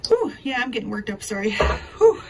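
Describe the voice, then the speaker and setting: A woman's voice: on the high side, big pitch swings, a little fast, creaky. Woman, home vlog, rambling, emotional, faint background noise. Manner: emotional, rambling storytelling with many fillers. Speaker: craft vlogger. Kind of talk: casual chat to camera.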